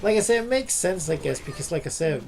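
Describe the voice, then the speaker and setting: A man's voice: high-pitched, very animated, quick pace, vocal fry. Man rambling over a game stream. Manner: rambling, lots of "like" and "you know". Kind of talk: casual commentary while gaming.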